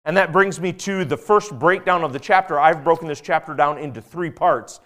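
Male pastor mid-sermon, slightly high voice, emphatic, drops to quiet asides. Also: normal speed. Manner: emphatic, repeats key phrases, asks the congregation questions.

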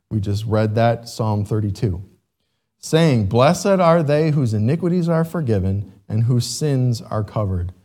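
Animated male pastor preaching slowly. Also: fairly high pitch. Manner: animated, repeats "right?" to the congregation. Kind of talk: sermon.

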